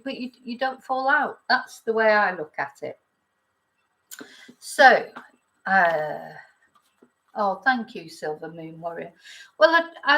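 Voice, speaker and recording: A woman's voice: medium pitch, a bit bright, poor audio. A middle-aged woman from England, hosting a casual live chat, rambling and reading out viewer comments. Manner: chatty and rambling, reads viewer comments, laughs often. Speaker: YouTube chat host.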